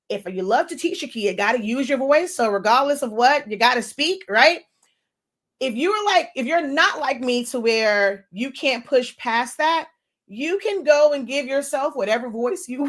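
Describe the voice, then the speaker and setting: A woman in her thirties, an online design instructor, giving a casual, chatty lesson, talking fast with laughs between phrases. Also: on the high side. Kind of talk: casual teaching talk.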